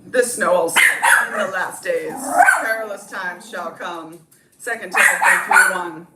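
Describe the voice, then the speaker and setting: A woman's voice: fairly low pitch, unhurried, roomy sound, heavy background noise, lightly acted. A woman voicing a blustering, boastful male politician impression, bragging in a bombastic way.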